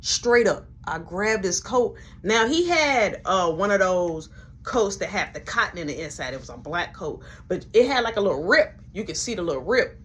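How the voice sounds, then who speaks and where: A young woman telling a story in casual chat, animated and acting out the voices of everyone involved. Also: mid-range voice, moderate pace, breathy edge. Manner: animated, acts out every voice, laughs along.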